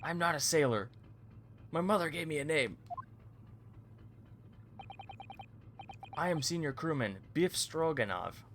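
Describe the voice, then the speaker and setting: A man voicing a gruff, hostile male sailor guard who speaks broken English with a put-on Russian accent, blunt and contemptuous. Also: fairly low pitch, a bit bright, slight background noise. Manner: blunt, contemptuous, slow and heavy.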